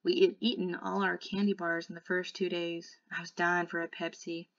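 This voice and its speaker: Woman tutor, audiobook narration, low voice, dry dull sound. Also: flat delivery, normal speed, no echo. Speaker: tutor reading a novel aloud. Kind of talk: audiobook reading, first-person narration.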